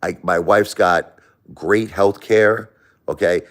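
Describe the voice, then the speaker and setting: A low-voiced man with an East Coast accent hosts a live stream from home. He talks emphatically and circles back to the same points, shifting between raised protest and hushed blessings. He has been sick for a few days. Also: steady tone, takes it slowly. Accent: East Coast American. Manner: emphatic, repetitive, swings between loud protest and soft blessing. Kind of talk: casual live stream chat. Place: at home by a Christmas tree.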